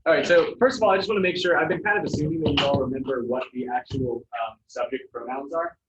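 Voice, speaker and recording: A man teaching a Spanish class, relaxed and jokey, with many fillers. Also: a little high, fast, very noisy. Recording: roomy, distant, muffled classroom sound.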